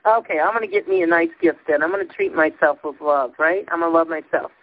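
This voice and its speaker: Ecstatic woman caller, high lively voice with a gravelly edge, shaking with emotion, dry phone-line audio. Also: fast, slight background noise. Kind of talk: spiritual call-in chat.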